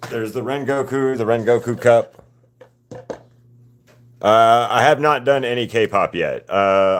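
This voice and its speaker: A man live-streaming his painting, chatting casually with viewers and greeting them by name in a relaxed, rambling way. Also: fairly low pitch, slight background noise.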